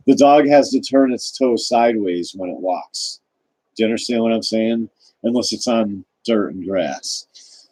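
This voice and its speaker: A man's voice: fairly low pitch, unhurried, darkish tone, dry recording, rough recording. A man vlogging a rambling, indignant personal rant, often stopping and restarting his sentences. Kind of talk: ranting personal monologue.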